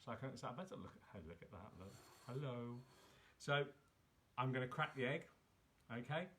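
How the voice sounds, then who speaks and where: A man's voice: medium pitch, expressive, normal speed, fairly bright tone. A man hosting a live cook-along, chatting casually and poking fun at himself as he talks viewers through each step. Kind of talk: casual live cooking demo.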